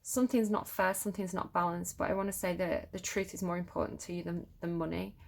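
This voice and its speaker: A woman's voice: lowish voice, steady tone, fast, gravelly. Middle-aged woman, tarot reader, casual and encouraging, thinks aloud with fillers.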